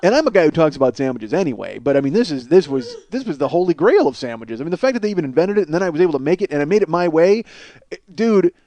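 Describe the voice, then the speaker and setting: Racing along in a slightly high, sing-song voice with a dark tone, a comedy podcast host spins a self-mocking, profane, rambling story and laughs at his own punchlines. It's a comic storytelling monologue, and he has a cold sore on his face.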